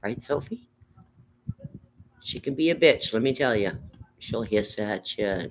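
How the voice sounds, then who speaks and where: A woman's voice: a bass voice, lively intonation, measured pace, low-quality recording. An older woman hosting a casual livestream from home, rambling and reading viewers' comments aloud with casual swearing. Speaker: livestream host.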